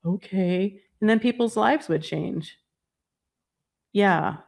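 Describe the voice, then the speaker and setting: A woman with a lowish, gravelly voice speaks as a podcast guest. She is frank and chatty, slipping into quoted asides and casual fillers. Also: moderate pace. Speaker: guest, energy healer and author. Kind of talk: casual conversational interview.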